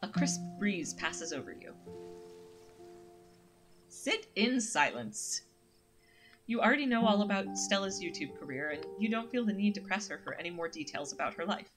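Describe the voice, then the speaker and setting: Chatty woman streamer, lively voice. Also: medium pitch, normal speed, long pauses, over music. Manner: chatty, lively, reads text aloud. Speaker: streamer playing a horror visual novel. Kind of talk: casual game narration.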